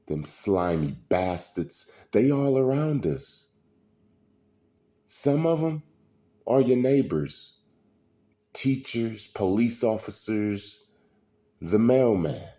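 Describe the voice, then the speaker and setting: Slow deep-voiced man telling stories. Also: sing-song, warm tone. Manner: slow, preachy street storytelling. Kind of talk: casual storytelling monologue.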